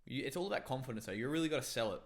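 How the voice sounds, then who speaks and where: A man's voice: mid-range voice, lively intonation, rapid-fire. A young man chats on a casual podcast, and his voice swings up and down a lot. He is jokey and swears freely, and he keeps egging his friend on to try voices. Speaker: podcast co-host. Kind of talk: casual chat.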